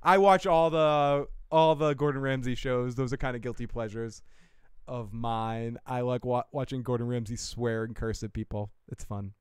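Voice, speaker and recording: A man's voice: medium pitch, little pitch movement, normal speed, a little mellow, smooth, no echo, clean studio sound. A man hosting a casual livestream, rambling and profane, and laughing often. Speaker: show host. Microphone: desk mic.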